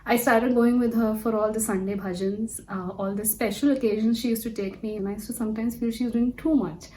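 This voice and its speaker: A woman's voice: on the high side, fairly even intonation, a little fast, darkish tone, a little hiss or hum, low-quality recording. A young woman from India sharing an earnest personal testimony, telling her story with many fillers. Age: young adult.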